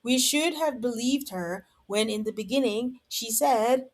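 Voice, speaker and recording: A woman's voice: on the high side, unhurried. A woman hosting a podcast, recapping a reality show in casual chat with sarcastic, exasperated asides, acting out what the cast says. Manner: exasperated, sarcastic, acts out the cast members' lines.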